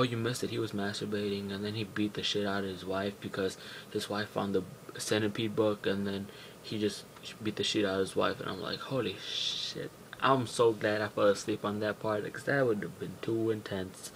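Young guy rambling thru a casual vlog into a webcam, cussing a lot, low gravelly voice, lil bit of hiss. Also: low-quality recording. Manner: rambling, profane, many fillers and restarts. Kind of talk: casual vlog movie recap.

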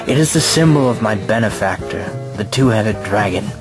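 A man voicing a thin, pale hotel keeper with a formal, businesslike way of talking, over clear background music. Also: on the low side, lively intonation, moderate pace, close to an everyday voice. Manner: businesslike, polite and precise.

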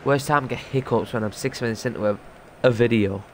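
A young man giving live commentary over his own football video game play, muttering remarks and bursting into loud shouts when something happens. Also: medium pitch, brisk, a little hiss or hum. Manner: excitable, loud outbursts between muttered remarks. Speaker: gaming streamer.

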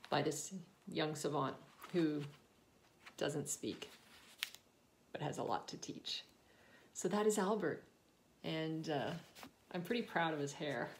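A woman author reading her own story aloud and chatting about it between passages, laughing often and drifting into asides. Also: fairly low pitch.

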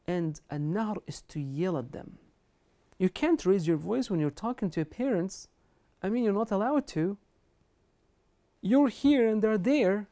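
In this Islamic lecture on kindness to parents, a woman speaks with an earnest, emphatic manner in a mid-range voice with a dark tone. She quotes scholars and Arabic scripture.

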